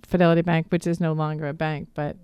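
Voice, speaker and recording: Middle-aged woman, Philly accent touched by Boston, rambling radio guest, smooth and dry. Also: sits low, little pitch movement, fast talker, darkish tone, dry recording. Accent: Philadelphia with some Boston. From Philadelphia area. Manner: rambling, friendly storytelling. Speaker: guest, divorce coach. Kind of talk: radio interview. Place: radio studio.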